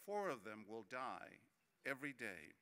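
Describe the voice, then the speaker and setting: Unhurried, with big pitch swings and a medium-pitched voice that sounds pushed and bright, a man from Texas gives a keynote in a big conference hall where the sound reverberates. His jokey, chatty storytelling gradually gives way to an earnest tone.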